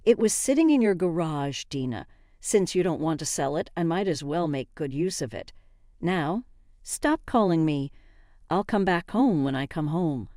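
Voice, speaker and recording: A woman's voice: low voice, lively intonation, moderate pace, mellow, dry recording, studio quality. A woman voicing a smug, entitled older mother-in-law who talks in a nonchalant, dismissive way in a narrated story.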